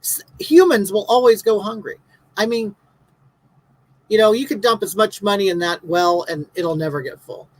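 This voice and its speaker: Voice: medium pitch, moderate pace, poor audio. A livestream host in their fifties talks straight to viewers, reading their comments aloud between long rants. The delivery is blunt and sarcastic. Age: 50s.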